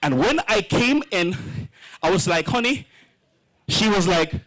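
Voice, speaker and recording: A man's voice: high voice, animated, a little slow, fairly bright tone, poor audio. A man emceeing a wedding reception, joking and playing with the crowd.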